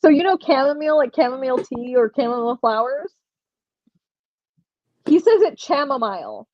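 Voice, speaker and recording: A woman's voice: high voice, moderate pace, a little mellow, dry recording, muffled recording. A young woman hosting a casual livestream giveaway, chatting and laughing while reading comments from chat aloud. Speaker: livestream host running a giveaway.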